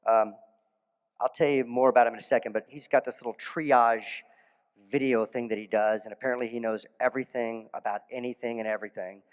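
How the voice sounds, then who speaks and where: A man, a dentist, giving a conference lecture in a casual storytelling way, animated, with restarts and asides. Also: medium pitch, brisk, clear, resonant tone, big-room sound, dull audio. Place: conference hall.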